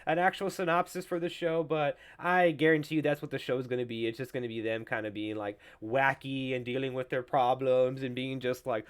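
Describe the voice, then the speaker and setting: A man's voice: medium pitch, level tone, brisk, few pauses, clean tone. A young man hosting a solo pop culture podcast, ranting in a profane, sarcastic and mocking way. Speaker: podcast host.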